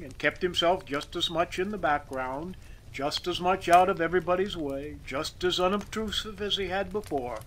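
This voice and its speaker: A man narrating a classic story as an audiobook reader, expressive and measured. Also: a little high, slight background noise, rough recording.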